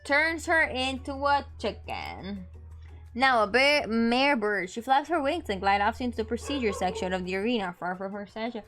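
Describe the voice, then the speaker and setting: Young woman streamer reading a silly dating game out loud, giggly, kinda high voice. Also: sing-song, normal speed, faint music behind. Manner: playful, giggly, reacts to text. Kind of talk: reading a dating sim aloud while streaming.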